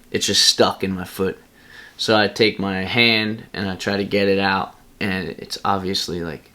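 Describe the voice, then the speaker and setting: Young male vlogger, deep voice, casual rambling storyteller who laughs at himself. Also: fairly bright tone. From Pennsylvania.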